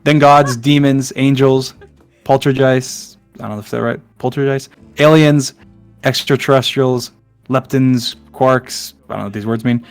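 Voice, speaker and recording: A man's voice: medium pitch, steady tone, a little slow, soft background music. A man reading a long poem aloud in a hurry, tripping over words and breaking off with asides. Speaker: online content creator.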